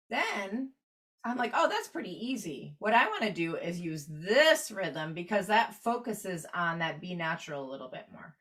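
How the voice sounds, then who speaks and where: This woman's voice is fairly low in pitch, a bit bright, very animated, and unhurried. Teaching clarinet online, she patiently explains practice rhythms step by step while annotating the sheet music.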